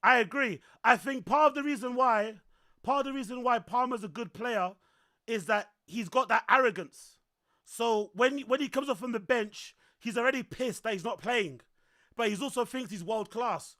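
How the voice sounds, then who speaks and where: A man's voice: very high-pitched, moderate pace, sharp tone. A young man, casually commenting on a football match on a live stream and chatting with viewers, repeating himself as he talks. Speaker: streamer host.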